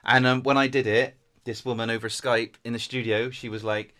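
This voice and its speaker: A man's voice: mid-range voice, little pitch movement, a little fast, pushed and bright. A man, a voice actor, telling rambling anecdotes in a casual chat and laughing often. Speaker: podcast co-host, voice actor.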